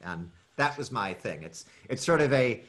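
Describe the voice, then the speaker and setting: A man's voice: mid-range voice, expressive, moderate pace, a bit bright. A man guesting on an interview show as a voice actor, chatting casually in a rambling way with frequent laughs.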